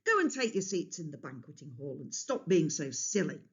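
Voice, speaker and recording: A woman voicing a pompous, bossy male titan king who talks loudly and blusters, on a dull lo-fi recording. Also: low-pitched, sing-song, normal speed, slightly rough, full character voice. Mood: dismissive. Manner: loud, blustering, dim-witted.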